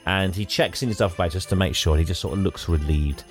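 This deep-voiced man talks fast over soft background music as he co-hosts a casual podcast. He retells a film's story, acting out its lines and laughing frequently.

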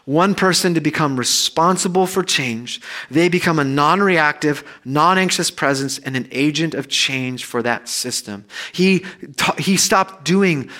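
Bright-voiced man preaching a sermon. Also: measured pace. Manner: conversational preaching, swells loud and high then drops soft and low. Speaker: pastor. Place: church.

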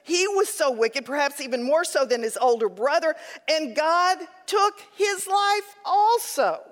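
A high-voiced woman leads a Bible study, unhurried and lively, working funny personal anecdotes into her teaching. A long reverb follows her words, as though she's speaking in a large hall.

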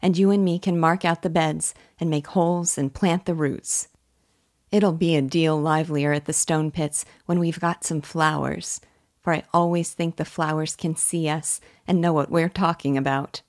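Playful young country daughter, coaxing and affectionate, read by a woman with a low voice. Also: normal speed. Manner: lively, coaxing talk.

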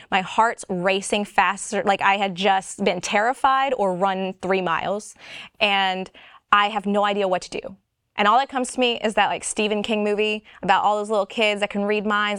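A woman recounts her own spiritual story in an open, chatty testimony style, peppering it with "like" and "you know." Her voice is smooth and clear, sitting at an ordinary pitch. The sound is close and dry, with no room around it. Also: a bit bright, no echo. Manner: casual and candid, frequent "like" and "you know", rhetorical "right?". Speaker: speaker sharing her faith story.

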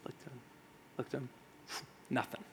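A man preaching a sermon as pastor, talking conversationally with dramatic pauses and rhetorical questions. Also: a bit bright, slight background noise. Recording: long reverb of a large hall.

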